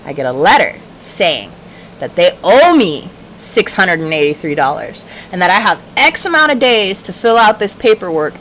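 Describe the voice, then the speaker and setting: A woman's voice: lowish voice, a bit bright, a little hiss or hum. A woman hosting a livestream, telling a story in a casual, profane, ranting way. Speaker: livestream host.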